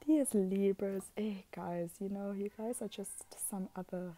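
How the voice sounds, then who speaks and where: A woman's voice: medium pitch, a little slow, noisy background. A woman giving a casual, rambling astrology talk, giggly and chatty, who swears freely and slips into whispered asides. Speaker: astrology vlogger.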